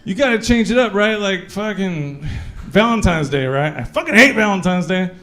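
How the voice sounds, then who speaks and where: A man performing a stand-up comedy set in a club, telling crude stories with an animated delivery and sudden shouts. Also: sits high, normal speed.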